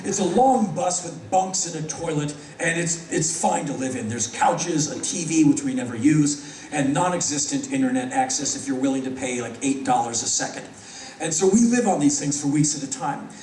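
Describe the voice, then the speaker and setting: An American man in his fifties telling stories on stage in a wry, animated way, acting out the voices of people he quotes. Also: fairly high pitch, moderate pace, slight background noise. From United States. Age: 50s. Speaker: spoken word performer. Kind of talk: live stage storytelling. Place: large concert hall. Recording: echoey hall from far off.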